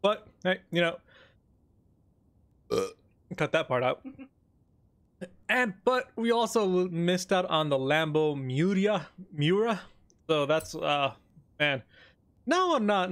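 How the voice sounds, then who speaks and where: A man giving casual, joking gameplay commentary, excitable and sometimes talking with his mouth full of cookie. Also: high voice, slow pace, pauses often. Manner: excitable, joking, talks while eating. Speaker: gaming YouTuber.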